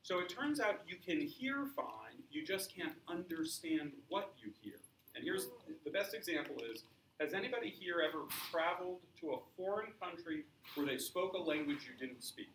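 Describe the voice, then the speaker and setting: A man's voice: fairly high pitch, lively intonation, moderate pace, background noise. A man teaching science to a class, explaining with examples and asking students questions. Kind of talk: classroom lecture. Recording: echoey classroom from far off.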